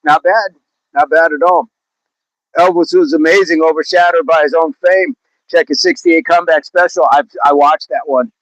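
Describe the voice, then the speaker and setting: A man's voice: a little high, fairly even intonation, moderate pace, no room sound, highs cut off. A man from Oklahoma chatting casually on a livestream, reading viewer comments, laughing and talking about music and movies. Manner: chatty, laughs often, slips into put-on accents. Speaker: livestream host.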